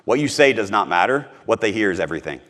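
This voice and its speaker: Male sales trainer, low voice, emphatic, repeats key points, live seminar talk. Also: big pitch swings, quick pace, fairly bright tone. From Missouri.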